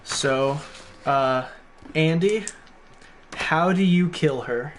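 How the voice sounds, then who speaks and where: A man's voice: a little high, drawn-out words, a little hiss or hum. A man acting as game master, casually narrating a tabletop game and laughing often as he checks rules. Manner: laid-back, laughs often, rule checks mid-sentence.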